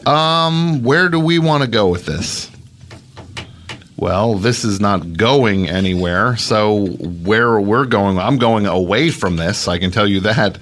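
A man's voice: lowish voice, takes it slowly, fairly bright tone. A man hosting an improvised comedy podcast bit, sarcastic and grumbling.

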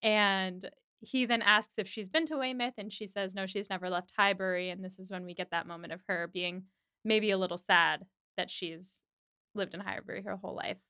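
A woman's voice: mid-range voice, fairly even intonation, moderate pace, sharp tone, clean tone, dry recording, studio quality. A woman hosting a podcast, chattily recapping a TV episode and leaning on "like" as she talks. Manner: chatty retelling, heavy use of "like".

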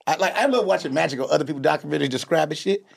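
A man co-hosting a casual comedy chat, telling stories in an animated way, breaking into laughter and mimicking people. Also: a little high, rapid-fire, gravelly, breathy edge. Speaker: co-host.

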